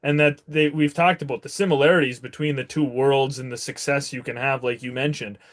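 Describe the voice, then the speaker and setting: A man's voice: medium pitch, fairly even intonation, a little fast. A man hosting a podcast interview, speaking in a friendly, reflective way. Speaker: podcast host. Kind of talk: casual interview chat.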